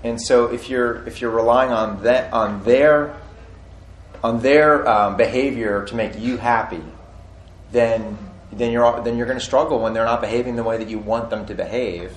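A man in his forties, co-hosting a casual marriage-advice chat, who talks in halting bursts with many restarts. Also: medium pitch. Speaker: podcast co-host. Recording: echoey room with faint noise.

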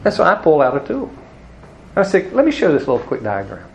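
A man teaches a gathered audience in a relaxed preaching style, leaning on stories and playing out each quoted voice. His voice sits a little high for a man. A faint hiss runs under the recording. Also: quick pace, creaky, rough recording. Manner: storytelling, acts out quoted voices, chuckles. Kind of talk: evangelism teaching talk to a live group.

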